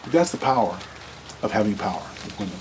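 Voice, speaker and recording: A man's voice: on the low side, sing-song, fast, background noise. A man giving blunt dating advice in a casual monologue to camera, rambling, restarting sentences and repeating words.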